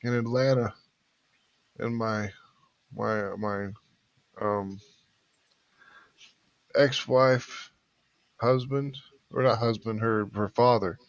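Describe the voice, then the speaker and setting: A man in a casual podcast chat who talks haltingly, trailing off and restarting. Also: medium pitch, steady tone, dry recording. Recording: dull lo-fi sound.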